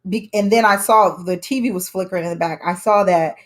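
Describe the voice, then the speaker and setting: A woman's voice: fairly low pitch, brisk. Candid woman telling her story. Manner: candid, conversational, with emphatic quoted dialogue. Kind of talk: personal storytelling to camera.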